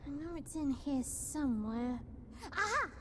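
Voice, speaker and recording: A woman's voice: high voice, lively intonation, measured pace, a bit bright, a little hiss or hum, pitched above the performer's own voice. A woman voicing a tiny, cheeky old female witch with a chirpy, clipped Cockney accent. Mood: busy.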